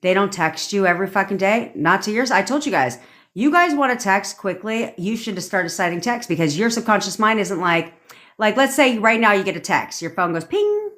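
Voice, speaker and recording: A woman's voice: mid-range voice, big pitch swings, a little fast, fairly bright tone. A young adult woman coaching viewers in a casual livestream rant, blunt and profane, acting out the thoughts she quotes. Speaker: manifestation coach.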